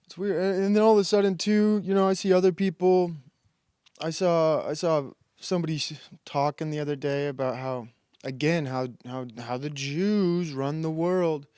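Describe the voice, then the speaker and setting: A man's voice: on the high side, steady tone, normal speed, darkish tone, clean tone, no echo, studio quality. A man hosting a stream, delivering a rambling, mocking comedic monologue as he reacts to videos and laughs at his own jokes. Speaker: streamer host.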